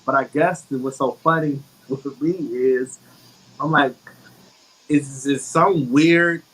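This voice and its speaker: A man's voice: medium pitch, steady tone, takes it slowly, a bit bright, slightly rough, poor audio. A man co-hosting a casual talk, speaking openly and reflectively about his own journey. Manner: reflective, open and candid. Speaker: co-host. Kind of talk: casual conversation on emotions.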